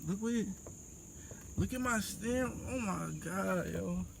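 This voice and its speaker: Young male vlogger, high-pitched and unhurried, fed-up and repetitive, phone-recorded outdoors with faint insect noise. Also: creaky. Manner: exasperated, repeating himself. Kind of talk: dramatic vlog walkthrough.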